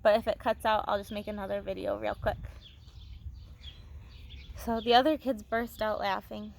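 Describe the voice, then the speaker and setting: A woman teacher reading a novel aloud to her students, expressive, with small restarts, on a phone. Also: mid-range voice, normal speed, creaky, pauses often, a little hiss or hum.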